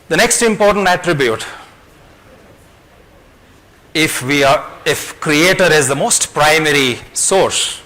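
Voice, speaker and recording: A man's voice: on the high side, bright, forceful tone, low-quality recording. Emphatic man giving a motivational talk. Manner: emphatic, repeats key phrases, tells parables. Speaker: motivational speaker.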